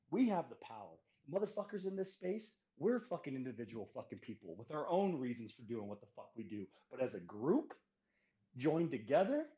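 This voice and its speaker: A man's voice: medium pitch, darkish tone. A man delivering an angry, impassioned rant on a podcast, swearing heavily. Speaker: guest speaker. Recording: echoey, muffled audio.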